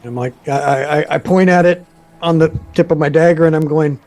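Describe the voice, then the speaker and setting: A man's voice: fairly high pitch, brisk, darkish tone. A man playing in a tabletop game, describing his character's actions in a hesitant, stop-start way. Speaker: player. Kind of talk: casual tabletop play.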